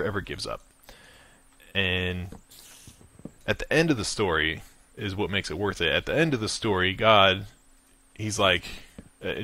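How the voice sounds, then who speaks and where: A man casually chatting and loosely retelling a story while playing a video game, with excited outbursts at enemies. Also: lowish voice. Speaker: gaming video host. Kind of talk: casual gameplay commentary.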